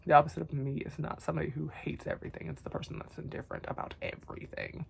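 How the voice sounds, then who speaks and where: A young woman talking tenderly to herself on camera in a vlog, soft and often whispery, teary, her voice going hoarse. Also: low voice, wildly swooping pitch, fast. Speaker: vlogger. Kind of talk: emotional self-talk to camera.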